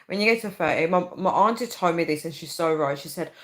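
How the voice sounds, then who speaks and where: A woman's voice: fairly low pitch, quick pace, rough recording. A woman in her thirties hosting a casual livestream, rambling chattily and often calling her viewers "guys.". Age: 30s. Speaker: livestream host.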